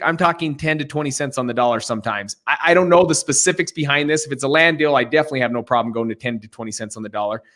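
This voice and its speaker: A man's voice: a little high, a bit bright. A man hosting a live real estate Q&A stream, talking casually in an upbeat, joking, encouraging way over a video call.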